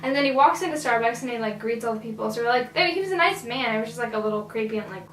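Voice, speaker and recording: A woman's voice: fairly high pitch, fairly even intonation, very fast, roomy sound, distant mic, a little hiss or hum, low-quality recording. A teenage girl from Virginia telling a casual storytime, chatty and full of "like.". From Virginia, USA. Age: teens. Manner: chatty, filler-heavy "like". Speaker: vlogger.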